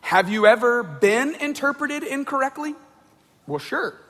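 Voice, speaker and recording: A man's voice: very high voice, big pitch swings, a little slow, sharp tone, long reverb tail. A man giving an informal talk to a group, conversational, often repeating words and checking in with the audience. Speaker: speaker addressing a group.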